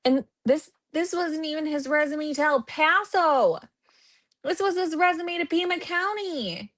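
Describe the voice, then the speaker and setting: A woman hosts a true crime livestream in a loose, chatty way, cracking sarcastic jokes as she goes. Her voice sits a little on the high side. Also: expressive, measured pace, fairly bright tone. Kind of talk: casual livestream commentary.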